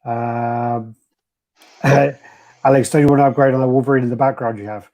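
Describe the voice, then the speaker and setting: A man's voice: mid-range voice, steady tone, a little fast, warm tone. A man hosting a casual live stream, reading out viewer comments with a laid-back, swearing manner. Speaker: host.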